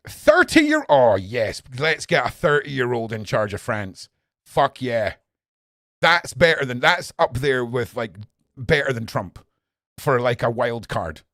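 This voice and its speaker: A man reads news headlines and rants back at them, swearing freely. His pitch jumps all over, sliding from grumbled asides up to furious yelling. The sound is dry and close, with no room echo. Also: expressive, a little slow, pauses often. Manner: swears a lot, swings from muttering to shouting. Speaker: podcast host reading news. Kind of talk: ranting news commentary.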